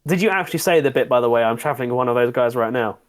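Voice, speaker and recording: A man narrating a tabletop role-playing game as its game master. His pitch sits in the middle, and he tells the scene loosely, with plenty of restarts and fillers. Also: animated, very fast.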